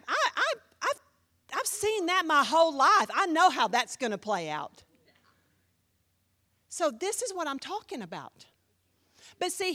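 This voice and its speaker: A woman pastor preaching a sermon with animated storytelling, acting out the voices of the people she quotes. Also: sits high, in a large hall.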